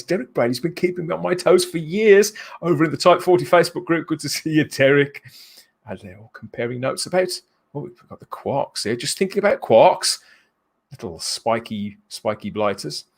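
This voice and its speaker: Lively, jokey man hosting. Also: fairly high pitch, gravelly, breathy edge. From England. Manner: jokey, excitable, laughs often. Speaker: livestream host. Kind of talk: casual live show chat.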